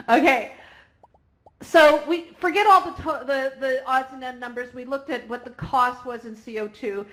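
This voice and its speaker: Gushing woman wrapping up a vr conference, kinda high voice, laughs a lot, gets teary. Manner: excited, emotional, laughing often. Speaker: conference organizer. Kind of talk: closing ceremony speech. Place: virtual reality event.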